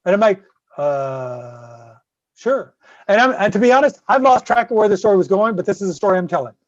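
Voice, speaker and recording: A man's voice: high-pitched, rapid-fire, no room sound. A man guest-hosting a podcast, telling a long rambling story full of swearing and constant "right?" checks. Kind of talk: casual profane storytelling. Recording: dull, dry close-mic sound.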